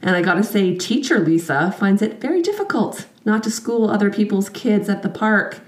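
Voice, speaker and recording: A woman's voice: mid-range voice, big pitch swings, moderate pace, reverberant. A woman hosting a podcast, telling a personal story as a mother in a candid, self-deprecating, chatty way.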